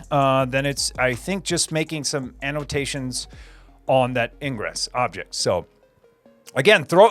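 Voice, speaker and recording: A man's voice: on the high side, fairly bright tone. Rambling upbeat male tech streamer. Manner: rambling, repeats phrases, many fillers and restarts. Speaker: livestream host. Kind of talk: casual livestream chat answering viewers.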